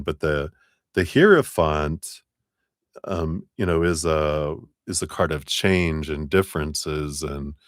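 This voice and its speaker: A man's voice: rumbling low, no echo, studio quality. A man doing a live tarot reading, musing and easygoing, with many fillers and restarts. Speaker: tarot reader.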